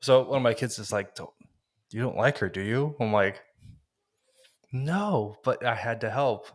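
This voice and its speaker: Low-voiced, easygoing man, halting. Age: adult parent. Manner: easygoing, halting, searching for words. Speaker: podcast co-host. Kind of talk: casual chat.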